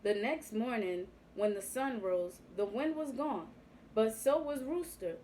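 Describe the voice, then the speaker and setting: A woman reading a picture book aloud to young children, with a gentle, expressive storytelling manner. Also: fairly high pitch, a little slow, a little hiss or hum, poor audio.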